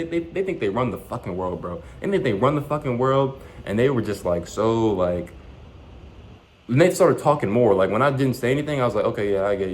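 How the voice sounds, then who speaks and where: Fast-talking young man telling a story. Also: medium pitch, slight background noise, poor audio. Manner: animated, profane, slangy retelling with lots of fillers. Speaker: vlogger. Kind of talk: casual storytelling.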